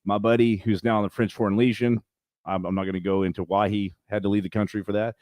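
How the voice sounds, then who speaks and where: A man as a podcast guest at his home, telling long, rambling stories in an animated way. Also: on the low side, quick pace, no echo. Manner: rambling storyteller, animated, acts out quotes. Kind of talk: casual interview.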